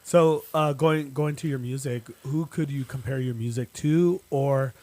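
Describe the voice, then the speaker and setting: A man co-hosting a podcast, asking the guest questions in relaxed, casual chat. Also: mid-range voice, unhurried. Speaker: podcast co-host.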